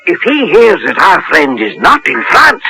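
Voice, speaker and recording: Sly Scottish boatman, played by a man, very high and bright, gruff riddling tone, old radio recording. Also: huge pitch swings, measured pace, a little hiss or hum, exaggerated voice, low-quality recording. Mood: secretive. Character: crafty Highland boatman, gruff and teasing. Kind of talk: 1970s radio drama acting.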